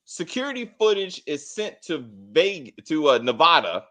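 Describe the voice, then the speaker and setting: A man co-hosting a casual spoiler review of a TV drama, talking in a blunt, animated way, cursing freely and restarting his sentences often. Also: fairly high pitch, normal speed. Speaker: TV show reviewer, co-host.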